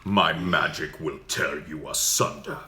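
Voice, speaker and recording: A man voicing a dark male archmage consumed by magic, who makes slow, booming, dramatic proclamations. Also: echoey room, a little hiss or hum, exaggerated voice. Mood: menacing.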